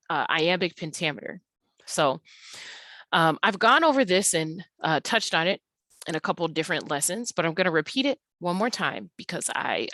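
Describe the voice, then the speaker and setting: Woman, English teacher, slightly low voice, patient, drags out key words for emphasis; dry webcam lesson. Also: fairly bright tone, dry recording. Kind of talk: recorded online lesson.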